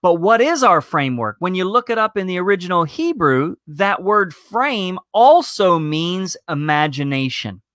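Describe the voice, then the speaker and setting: Bright-voiced man preaching a teaching sermon. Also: high voice, sing-song, no echo, studio quality. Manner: slow, emphatic teaching with rhetorical questions. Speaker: pastor.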